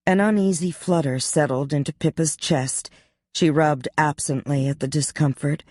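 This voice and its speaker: An audiobook narrator reads a romance in an even, measured way at a middle pitch. The recording is close and dry, with no room sound. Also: no echo.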